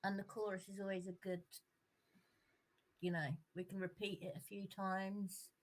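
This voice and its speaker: A woman playing a vain, self-serious band singer in improvised comedy role-play, earnest and flatly dismissive. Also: medium pitch, moderate pace, natural voice.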